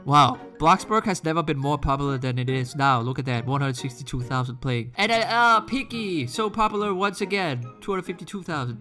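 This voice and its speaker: A man hosting a game channel, rambling excitably through casual gameplay commentary, talking back to other players and laughing often. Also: on the high side, moderate pace, faint music behind. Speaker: gaming channel host.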